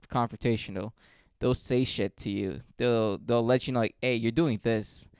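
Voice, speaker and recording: A man hosting a podcast, telling stories in a rambling, profane, deadpan way on a close mic. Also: mid-range voice, smooth, no room sound. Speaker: podcast host. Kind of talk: casual storytelling.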